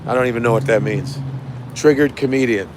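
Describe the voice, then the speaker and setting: A mid-range, brisk voice comes from an American man hosting his own comedy livestream, with a little hiss or hum in the audio. He chats loosely with viewers, swears, and repeats lines for emphasis.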